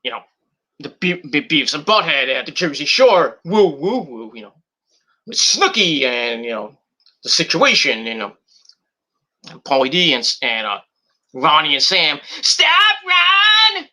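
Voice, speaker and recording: Animated and moderately paced, this man in his thirties hosts a podcast in a mid-range voice. His casual talk is rambling and profane, full of restarts and sudden bursts of shouting.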